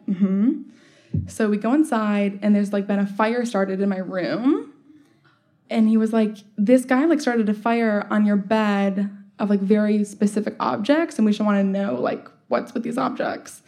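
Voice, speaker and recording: A woman's voice: medium pitch, mellow. A young woman telling a personal story in a casual, chatty way, full of "like" fillers and wry laughs. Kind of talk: storytelling monologue.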